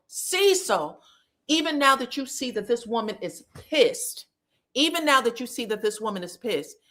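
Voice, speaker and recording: A woman's voice: sits high, a bit bright. A woman recapping a reality show in a casual, blunt, profane, mocking way.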